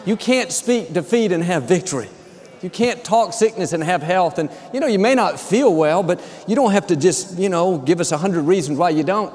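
A man's voice: high-pitched, lively intonation, a little fast, darkish tone. A male pastor giving an upbeat, encouraging conversational sermon. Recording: long hall reverb from a large church.

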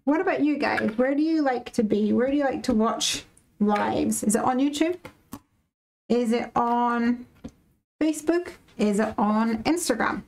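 A woman's voice: on the high side, measured pace, gravelly, a little mellow, a little hiss or hum, low-quality recording. A woman from the UK hosting a live craft stream, chatting casually and animatedly with viewers and reading out their comments.

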